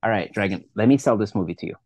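A man's voice: lowish voice, expressive, very fast, darkish tone, dry recording. A man co-hosting a casual movie review podcast, ranting and swearing in a rambling way. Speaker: podcast co-host.

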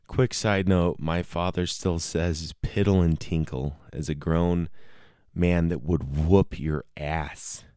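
A man's voice: deep voice, steady tone, slow, dark tone, clean tone, no echo, clean studio sound. A young man telling a rambling, profane comic story on his own podcast, often breaking off to joke with listeners. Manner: rambling, self-interrupting, profane. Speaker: solo podcast host. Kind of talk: casual comedic storytelling.

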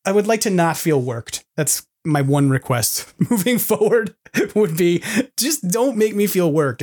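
A man's voice: on the high side, a little mellow. A man hosting a podcast in casual chat, rambling and self-deprecating, laughing often. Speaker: podcast host.

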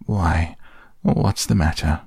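A man voicing a kindly, simple-minded teddy bear in a storybook reading, who sings softly and half whispers. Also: deep voice, slow, creaky, husky, no echo, clean studio sound, exaggerated voice. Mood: puzzled.

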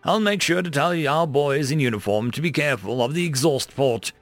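A man's voice: fairly high pitch, lively intonation, brisk, dry recording, faint music behind, natural voice. A man voicing a careless male admiral who gives orders and talks about a disaster in an offhand way. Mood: nonchalant. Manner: breezy, offhand, bossy.

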